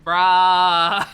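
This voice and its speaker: A woman's voice: on the low side, a bit bright, clear, resonant tone. A woman streaming a game live, chatting casually in a rambling, profane way with lots of fillers. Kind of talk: casual live gameplay commentary.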